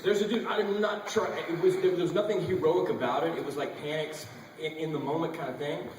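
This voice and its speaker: A man telling a wild story on a convention panel, animated and profane. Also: fairly high pitch, a little fast. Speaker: panel guest actor. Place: large convention hall. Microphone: audience camera far from stage. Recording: echoey hall recorded from far off with noise.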